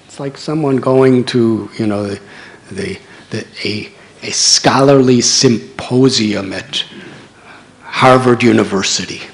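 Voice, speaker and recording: A man's voice: lowish voice, slight background noise. Monk in his sixties preaching. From United States. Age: 60s. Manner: dramatic, swelling storytelling. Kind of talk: sermon storytelling.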